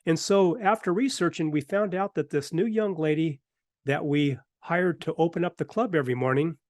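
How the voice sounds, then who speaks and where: A middle-aged man hosts a talk show and tells a workplace story in a relaxed, conversational way. He acts out the other people's lines as he goes. His voice sits a little high for a man, and the recording is close and dry. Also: normal speed, dry recording. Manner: animated anecdotes with acted-out quotes. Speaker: host. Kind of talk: casual storytelling.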